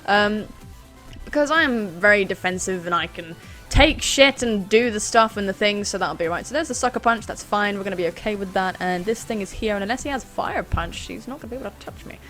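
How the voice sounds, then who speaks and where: A woman's voice: mid-range voice, brisk, faint music behind. A woman hosting a gaming channel, chatting through a live battle in a self-deprecating way. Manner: chatty, self-deprecating, sudden excited screams.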